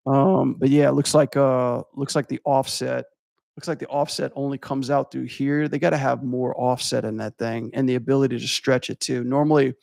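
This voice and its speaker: A man's voice: medium pitch, vocal fry, darkish tone, no echo, studio quality. A young adult man from Louisiana, rambling and swearing as he critiques animation for his stream chat. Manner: rambling, profane, filler-heavy.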